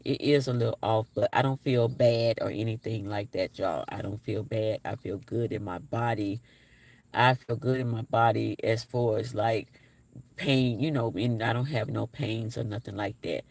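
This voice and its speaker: A man in his forties hosting a casual livestream, reading viewer comments aloud and repeating his phrases, sounding low on energy. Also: steady tone, moderate pace, creaky, darkish tone, dry recording. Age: 40s. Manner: repeats his phrases, talks straight to the chat. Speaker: livestream host.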